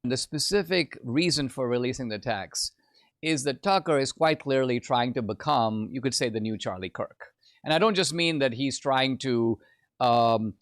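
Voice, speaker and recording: A man giving a lecturing podcast monologue, pausing often on fillers. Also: medium pitch, no echo, studio quality.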